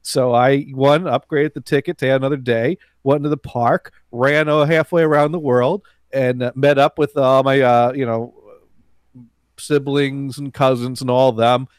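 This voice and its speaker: A man's voice: mid-range voice, fairly even intonation, normal speed, clear, resonant tone, no room sound, clean studio sound. A man telling a rambling anecdote to friends, with many fillers, restarts and laughs. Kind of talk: casual anecdote among friends.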